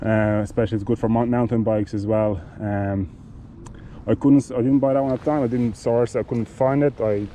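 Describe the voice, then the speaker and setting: A man giving a casual product demonstration of cycling gear, talking in a halting way with many fillers and restarts. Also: medium pitch, fairly even intonation, dark tone, slight background noise, rough recording.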